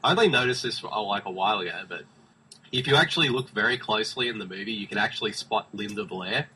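A man with a somewhat low but very bright, ringing voice chats casually on a podcast. He is relaxed and a little halting, often pausing on "uh" and "um" before he goes on. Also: slight background noise, rough recording. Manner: relaxed, hesitant, with filler words. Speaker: podcast co-host. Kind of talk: casual chat.

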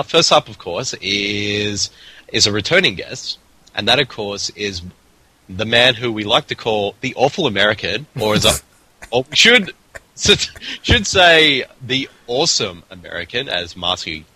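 Husky-voiced Australian man hosting. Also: lowish voice, sharp tone, low-quality recording. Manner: rambling, with many restarts and fillers. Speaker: podcast host. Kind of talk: casual podcast chat.

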